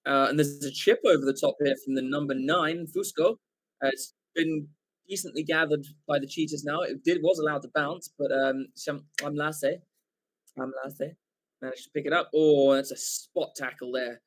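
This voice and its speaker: For a rugby watchalong stream, an English man calls the action live at a moderate pace in a slightly high voice. His play-by-play is excitable and rambling, riddled with fillers and corrections of himself.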